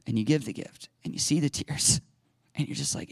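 A man preaching a lively sermon as a pastor, acting out little scenes and laughing now and then. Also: medium pitch, fairly quick, breathy edge, dry recording, studio quality. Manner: animated, acts out little voices and laughs often.

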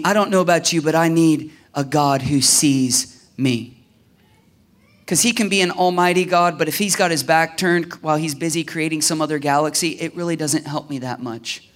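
A man preaching a sermon to a church congregation. He swings from quiet, intimate passages to shouted declarations. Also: a little high. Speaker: pastor. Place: church service.

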